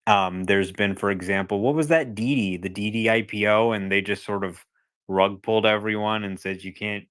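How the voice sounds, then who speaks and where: A man speaking as a guest analyst in a casual podcast discussion, conversational and turning animated when he acts out a scenario. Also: on the low side, normal speed.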